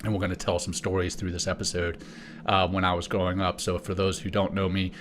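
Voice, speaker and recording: Deep-voiced podcast guy from south africa, chatty storytelling, bit of hiss. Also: flat delivery, brisk, a bit bright. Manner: storytelling, conversational with restarts. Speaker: podcast co-host. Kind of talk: casual podcast chat.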